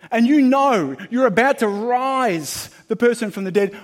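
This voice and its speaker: A man preaching a sermon as pastor, emphatic and shifting between loud and hushed. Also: extremely high pitch, expressive, measured pace. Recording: long hall reverb.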